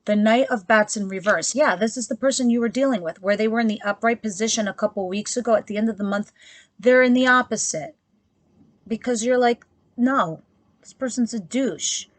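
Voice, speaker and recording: A woman's voice: a little high, fairly quick, dry recording. A woman giving a casual tarot reading to her viewers, talking bluntly and chattily with frequent asides. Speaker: tarot reader.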